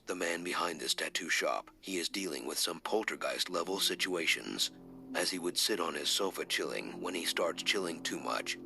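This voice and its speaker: Man, narrator, very deep gravelly voice, deadpan sardonic humor. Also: noisy background. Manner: dry, sardonic, self-mocking. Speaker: video narrator. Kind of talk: scripted comedic narration.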